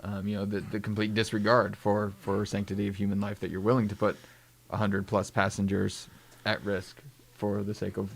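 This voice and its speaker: A man's voice: fairly low pitch, completely flat delivery, normal speed, creaky, slight background noise. A man co-hosting a casual panel talk, often agreeing and adding points. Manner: agreeable, adds brief backchannels. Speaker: co-host.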